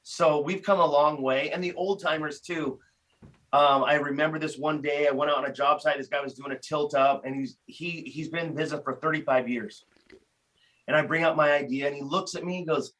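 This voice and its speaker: A man talking casually as a podcast guest, telling animated stories with frequent restarts. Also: a little high, a little fast, poor audio. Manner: animated storyteller, many restarts. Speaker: guest, tool company founder.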